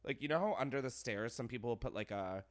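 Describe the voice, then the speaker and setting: Animated young man gossiping casually. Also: mid-range voice, fast. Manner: animated, gossipy, laughs often, heavy use of "like". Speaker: podcast host. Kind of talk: casual chat.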